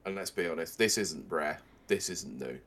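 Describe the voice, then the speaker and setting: A young man with a slightly low voice co-hosts a relaxed gaming news chat. He reads the headlines aloud and cuts in with dry, sarcastic asides. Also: moderate pace. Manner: sarcastic, reads news quotes and riffs on them. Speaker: podcast co-host.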